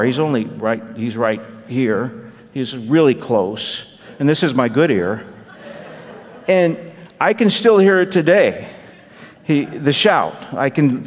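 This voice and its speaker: A man's voice: fairly high pitch, in a large hall. A man preaching a sermon as pastor, telling a personal story with wry humor and asides to the congregation. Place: church.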